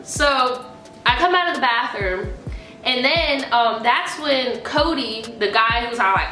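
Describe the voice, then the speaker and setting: A young woman with a high, bright voice tells a story in a casual, animated way, swearing freely. The room is echoey with faint music behind her. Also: unhurried. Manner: profane, animated. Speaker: vlogger.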